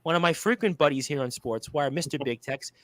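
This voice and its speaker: A man's voice: on the high side, a little fast, no echo. A man from Brooklyn, hosting a casual radio interview and reading out listener comments in a rambling, filler-heavy way. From Brooklyn, New York. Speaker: radio show host.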